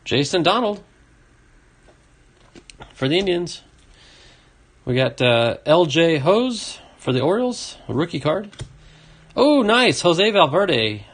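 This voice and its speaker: A man's voice: a little high, big pitch swings, takes it slowly, long pauses, a bit bright. A man hosting a casual card-opening video, reading off names and chatting to a viewer. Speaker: card collecting video host. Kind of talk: casual box-opening commentary.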